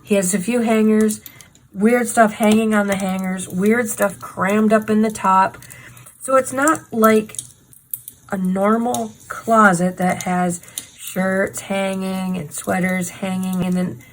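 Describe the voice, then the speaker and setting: A woman's voice: medium pitch, fairly even intonation, takes it slowly, a little hiss or hum, low-quality recording. Indignant woman hosting a crafting chat. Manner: indignant, sarcastic, emphatic. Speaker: host. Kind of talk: casual true crime chat while crafting.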